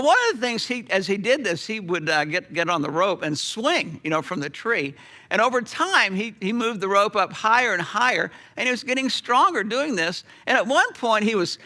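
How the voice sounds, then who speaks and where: A middle-aged pastor telling a story in a sermon, animated, with sudden drops to a hush. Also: male voice, high-pitched.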